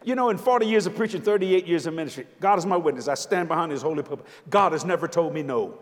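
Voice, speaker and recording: An older man preaching a sermon, emphatic and joking, now and then breaking into shouts. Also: a little high, quick pace. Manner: emphatic, jokey preaching with sudden shouted lines. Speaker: visiting preacher. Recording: long hall reverb.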